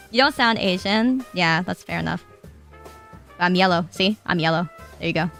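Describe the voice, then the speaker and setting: A woman's voice: on the low side, moderate pace, vocal fry, pauses often, a bit bright, faint music behind. A young Japanese woman chatting casually to her live-stream chat, giggly and rambling, swearing now and then. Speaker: VTuber streamer.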